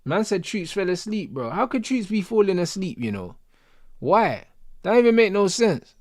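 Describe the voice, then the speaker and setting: A man's voice: high voice, very animated, moderate pace, dry recording, clean studio sound. A young man, chatting casually and animatedly in heavy slang as a stream host. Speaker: host of a football watch-along stream.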